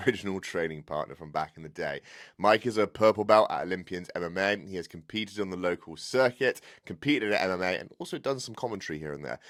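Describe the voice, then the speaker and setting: A man's voice: low voice, fairly bright tone. A man hosting a podcast, chatting casually with a friend, laughing often and swearing freely. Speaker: podcast host.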